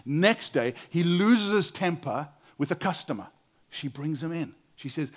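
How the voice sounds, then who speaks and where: An earnest male preacher with a slightly high voice delivers a sermon. He acts out the voices of people in his examples and drops suddenly quiet to stress a point. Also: expressive, a little slow.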